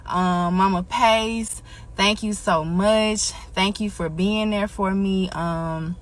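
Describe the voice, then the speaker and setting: A woman recording a casual, heartfelt tribute message, joking at first and then going soft as she gets emotional. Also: medium pitch, fairly even intonation, slow pace. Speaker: church member giving a tribute.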